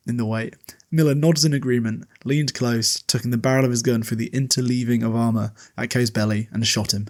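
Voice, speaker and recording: A man's voice: mid-range voice, steady tone. Casual man recapping a book. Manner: loose, laughing, with fillers and quick paraphrased quotes. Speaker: podcast host. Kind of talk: casual book recap mixed with reading aloud.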